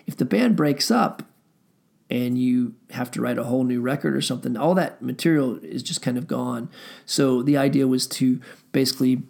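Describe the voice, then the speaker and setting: A man's voice: medium pitch, gravelly, darkish tone. A middle-aged man and musician telling rambling stories in a casual way, full of fillers and swearing. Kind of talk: casual storytelling.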